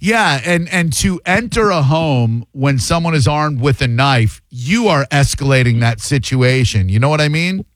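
An opinionated radio host speaks in a somewhat high male voice, emphatic and quick to joke. The sound is close and dry from a studio microphone, with no room around it. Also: lively intonation, dry recording. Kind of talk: talk radio commentary.

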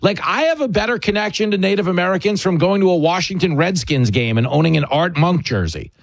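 A man's voice: high voice, animated, fast talker, gravelly, dry recording. A man hosting a talk show, joking with a guest in loose comedic banter and laughing often. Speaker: radio host.

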